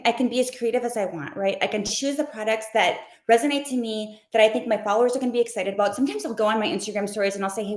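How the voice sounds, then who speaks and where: A woman who makes live shopping videos, answering interview questions casually and talking fast like an animated storyteller. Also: on the high side. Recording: roomy echo.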